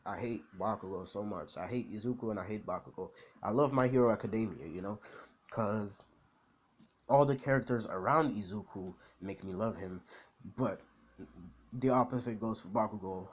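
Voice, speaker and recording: A man's voice: lowish voice, moderate pace. A man in casual chat, rambling in slangy speech with lots of fillers. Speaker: anime vlogger.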